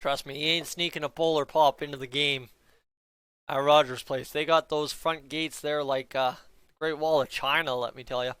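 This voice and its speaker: A man's voice: a little high, steady tone, moderate pace, fairly bright tone, clear, resonant tone, no room sound, studio quality. A young man giving a casual, joking play-by-play reaction to a hockey game for his viewers. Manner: chatty, joking asides to viewers.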